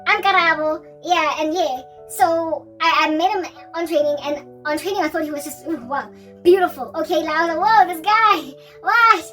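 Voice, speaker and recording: Very high-voiced South African woman. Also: brisk, faint music behind. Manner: animated, laughs often, mixes in local languages. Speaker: Christian vlogger. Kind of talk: casual storytelling.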